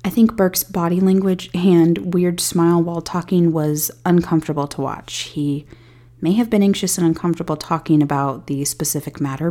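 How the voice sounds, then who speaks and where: A woman hosting a podcast, reading a scripted true-crime narration in a measured way with candid personal asides. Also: fairly low pitch, mellow. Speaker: podcast host.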